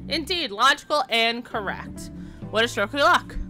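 A woman's voice: fairly high pitch, expressive, moderate pace, over music. A woman streamer playing a game, reading the characters' lines aloud and joking between them.

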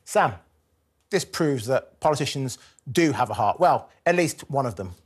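Brisk male talk show host. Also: mid-range voice, expressive, breathy edge. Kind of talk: live TV talk show presenting.

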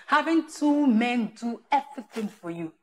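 An actress playing a scheming friend with a Nigerian accent who gives conspiratorial advice. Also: female voice, a little high, animated, moderate pace, slight background noise, natural voice. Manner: conspiratorial, insinuating. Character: scheming gossip friend giving bad advice.

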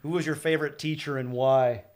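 A man's voice: a little high, fairly even intonation, fairly quick, darkish tone. A man co-hosting a comedy podcast, reading questions and teasing in casual chat. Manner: teasing, reads listener questions. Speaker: podcast co-host.

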